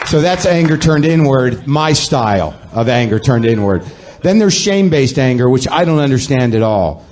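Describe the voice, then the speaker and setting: A man's voice: mid-range voice, lively intonation, normal speed, a little mellow, a faint crowd, a little hiss or hum. A man hosting a podcast, delivering a sardonic, self-deprecating comic monologue in a ranting manner to a live audience. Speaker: podcast host.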